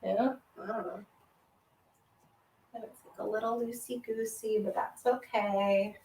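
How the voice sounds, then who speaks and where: A woman's voice: medium pitch, steady tone, a little slow, a little mellow, far from the mic, slight background noise. A woman book vlogger chatting casually to herself while shelving books at home. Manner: chatty, musing, half to herself. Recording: roomy, off-mic with faint ambience.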